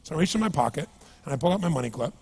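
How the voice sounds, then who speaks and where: A man giving a motivational seminar talk to a live audience, energetic and emphatic, telling stories and asking the crowd rhetorical questions. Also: on the high side, rapid-fire, creaky, husky. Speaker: motivational speaker.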